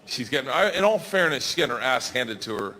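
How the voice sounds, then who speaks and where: A man in his forties from the United States, doing a stand-up comedy routine with loud, animated storytelling. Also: mid-range voice, fast talker. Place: large theater stage. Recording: live in a large hall with crowd. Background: audience laughter and noise.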